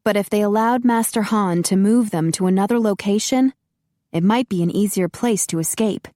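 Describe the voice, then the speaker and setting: A woman narrating a paranormal romance audiobook in a steady, even storytelling manner. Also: medium pitch, moderate pace, no echo, studio quality. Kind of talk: scripted narration.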